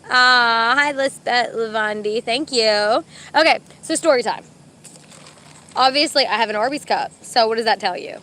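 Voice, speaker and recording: A woman's voice: fairly high pitch, bright, forceful tone. A young pregnant woman, chatting casually to a live stream and giving commands to her dogs, a little out of breath in the heat. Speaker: vlogger with service dogs. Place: outdoor dog park.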